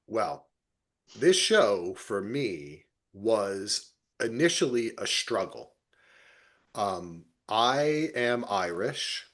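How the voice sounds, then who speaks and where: A man co-hosting a podcast, telling stories in a relaxed, enthusiastic, casual way. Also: on the low side, very slow. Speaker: podcast co-host. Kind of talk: casual chat.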